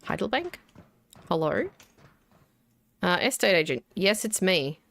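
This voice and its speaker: A woman's voice: lowish voice, very animated, measured pace, creaky, a bit bright. An Australian woman in her thirties giving casual, wry gameplay commentary and talking herself through each step. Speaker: gaming video host. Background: faint game music and keyboard typing.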